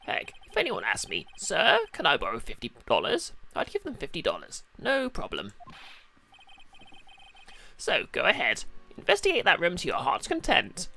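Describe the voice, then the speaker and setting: A man's voice: a little high, wildly swooping pitch, normal speed, creaky, bright, forceful tone, heavily acted. A man voicing a smug, grandstanding male police chief.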